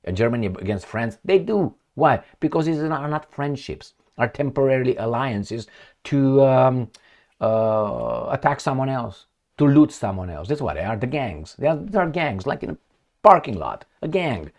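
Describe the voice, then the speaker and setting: A man's voice: medium pitch, sing-song, moderate pace, darkish tone. A middle-aged man giving off-the-cuff commentary while reading news articles aloud, sarcastic and rambling, with many fillers and restarts. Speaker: political commentator.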